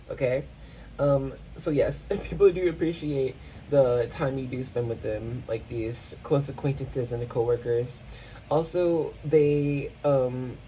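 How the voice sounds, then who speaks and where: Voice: medium pitch, warm tone, a little hiss or hum, low-quality recording. A tarot reader in a casual pick-a-card reading who thinks aloud and often stops to search for words, with many fillers and restarts.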